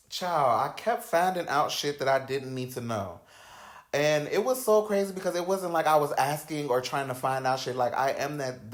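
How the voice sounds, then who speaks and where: A young man hosting a podcast, telling personal stories in a candid, slangy, dramatic way, dropping to low mutters and rising to loud outbursts. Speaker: podcast host. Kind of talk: candid storytelling chat. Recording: roomy echoey room.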